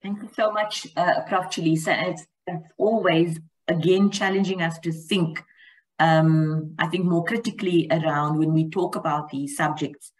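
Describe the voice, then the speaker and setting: A woman with a low voice moderates a panel discussion. She thanks the previous speaker and sums up her points in a calm, appreciative way. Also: normal speed, poor audio. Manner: appreciative, summing up.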